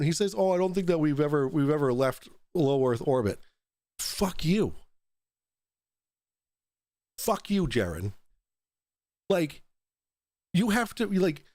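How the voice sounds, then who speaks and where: A man's voice: fairly high pitch, darkish tone, dry recording, studio quality. Profane ranting male talk show host. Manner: profane, exasperated, mocking. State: tipsy from taking shots. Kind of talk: ranting commentary.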